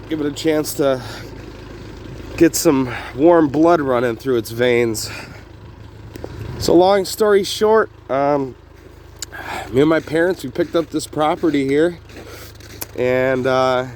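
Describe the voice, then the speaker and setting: Rambling young man outdoors by engine. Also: a little high. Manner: relaxed, rambling with frequent "uh" pauses. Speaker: homestead vlogger. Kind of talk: casual outdoor vlog narration. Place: outdoors on a snowy rural property. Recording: faint engine noise behind. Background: idling engine.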